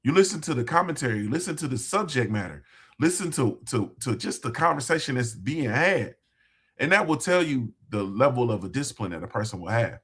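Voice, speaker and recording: A man's voice: medium pitch, lively intonation, a little fast, a bit bright, slightly rough. A man hosting a motivational talk for his viewers, speaking in a conversational, emphatic way, repeating phrases for emphasis. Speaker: host.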